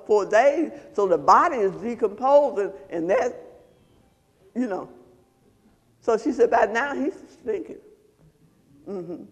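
A male pastor preaching a sermon, pausing to quiz his congregation in call-and-response. His voice sits high and he takes his time. The sound carries the long reverb of a church hall. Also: a little mellow.

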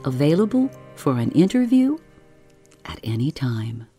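A woman reading a relaxing bedtime story aloud in a soft, unhurried, soothing way. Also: sits low, big pitch swings, soft background music.

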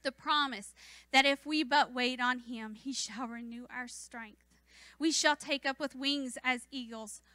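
High bright fervent woman preaching. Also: fairly even intonation, a little slow, no room sound. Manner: fervent, rising to emphatic declarations. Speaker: church speaker. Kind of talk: sermon.

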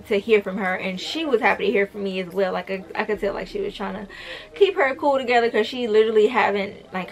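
A woman's voice: mid-range voice, a bit bright. Blunt, profane young woman telling a story. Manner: profane, blunt, talks straight to viewers. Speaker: vlogger. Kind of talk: storytime vlog.

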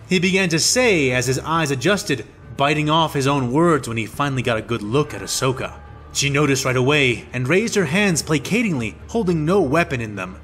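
A man narrating a fan fiction audiobook in a steady, descriptive storytelling manner. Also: mid-range voice, normal speed, faint music behind.

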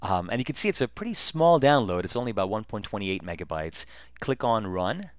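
A man narrating a relaxed, step-by-step screen-recorded software tutorial, with frequent ums and uhs. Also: fairly low pitch, fairly quick, no echo, clean studio sound.

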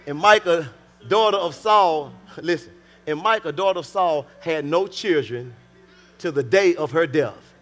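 A pastor preaching a sermon, acting out little scenes with big swings between loud and soft. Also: male voice, a little high, measured pace, soft background music. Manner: animated preacher, acts out scenes, drops to soft and intimate.

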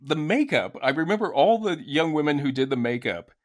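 A man's voice: fairly high pitch, sing-song, a little fast. A man in his fifties co-hosting a casual podcast, chatty and laughing easily as he tells stories. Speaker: podcast co-host. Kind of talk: casual chat.

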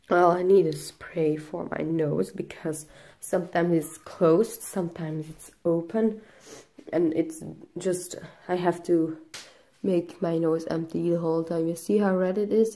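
A young woman, vlogging casually in halting English full of fillers, out of breath and coughing. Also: on the low side, mellow. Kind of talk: casual vlog.

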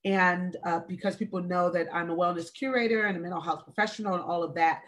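A woman in her forties, a wellness speaker hosting a live stream, talking slowly and deliberately, with emphatic repeated phrases. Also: fairly low pitch, fairly bright tone. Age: 40s. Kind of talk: earnest, deliberate talk. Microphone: video call or live stream.

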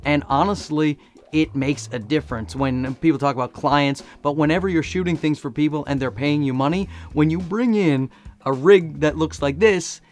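A man with a hoarse voice from laryngitis, chatting in a joking, self-mocking way as he reviews camera gear for his vlog. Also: a little high, moderate pace, a little mellow, soft background music.

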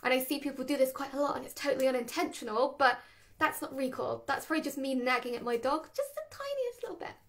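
A woman, a dog trainer, explaining dog training in a chatty, animated way and laughing between points. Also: high voice, quick pace. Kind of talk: casual instructional talk.

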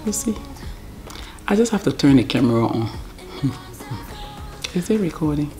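A middle-aged vlogger with a Liberian English accent chats casually to her camera at home, with soft music in the background. Her low, warm voice moves at a measured pace with big pitch swings, and she rambles off-topic, talks to herself, and sometimes sinks to a near-whisper.

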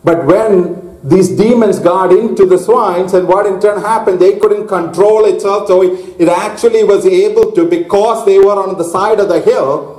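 A man preaching a sermon to a congregation, slow and deliberate, stopping to ask his listeners questions. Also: sits high, a little mellow. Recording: echoey hall.

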